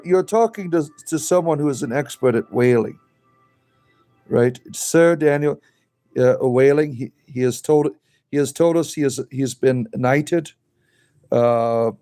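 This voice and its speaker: Mellow-voiced man chatting to his rabbits. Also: mid-range voice, fairly even intonation, unhurried, soft background music. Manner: rambling, talks to his rabbits and reads out chat. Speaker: livestream host. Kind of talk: casual livestream chat. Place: indoors at home, beside his rabbits. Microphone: phone.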